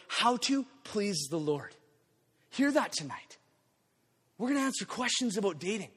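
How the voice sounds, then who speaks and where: Man, pastor, sermon, high voice, energetic and playful, long hall reverb. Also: a little slow, long pauses, husky. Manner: energetic, playful asides and acted-out quotes. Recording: long echo of a large hall.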